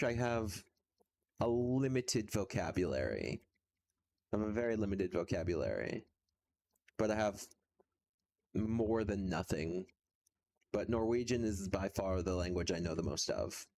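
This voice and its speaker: Male streamer, deep voice, unhurried, halting delivery full of ums, chuckles between lines. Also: animated, a little mellow. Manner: hesitant, many filler sounds, chuckles often. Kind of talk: casual live-stream chat while practicing a language.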